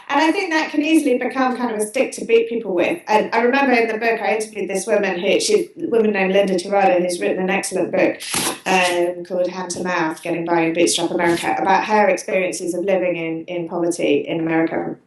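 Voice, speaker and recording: A woman's voice: medium pitch, fairly even intonation, fast. A British woman, a guest author in an interview, talking in a chatty, wry way with lots of "you know". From Britain. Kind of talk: conversational interview. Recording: roomy echo.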